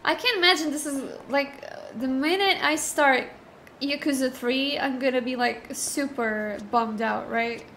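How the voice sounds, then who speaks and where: A young woman giving chatty, excitable commentary while streaming a game, often laughing. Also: high voice, unhurried, slight background noise. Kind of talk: casual let's-play commentary.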